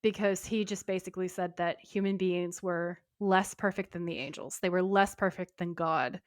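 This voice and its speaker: On a podcast she co-hosts, a woman casually recaps a TV episode, telling it like an animated storyteller and acting out the characters' quotes. Her voice is fairly low and at normal speed, recorded with studio quality and no room sound.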